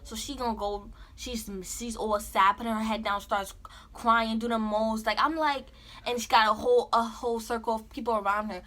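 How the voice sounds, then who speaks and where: A young woman vlogger telling a school story in casual, animated chat with a friend. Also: fairly high pitch, normal speed. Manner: animated, talks over her friend.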